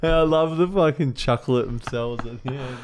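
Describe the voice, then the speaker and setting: A man's voice: mid-range voice, normal speed. A man co-hosting a podcast, rambling and swearing through crude casual banter. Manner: rambling, sweary, laughing along. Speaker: podcast co-host. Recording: noisy podcast recording.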